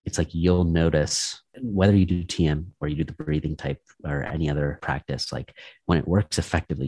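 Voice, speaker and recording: A man guest on a podcast, talking in a relaxed, rambling way with lots of "like" fillers. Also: a bass voice, slightly rough, no room sound. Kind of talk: casual conversation.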